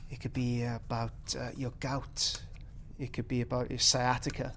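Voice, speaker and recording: A man's voice: medium pitch, little pitch movement, normal speed, fairly bright tone, a little hiss or hum. A man hosting a casual live stream, rambling and joking at his own expense while he mutters through his work. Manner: rambling, self-deprecating, mutters to himself while working. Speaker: live stream host building miniatures.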